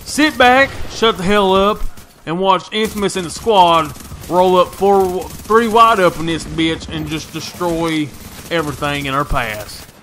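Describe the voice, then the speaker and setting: A man's voice: high voice, measured pace, fairly bright tone, slight background noise. A young man, commentating a shooter game in brash, profane, folksy trash talk. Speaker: gaming YouTuber.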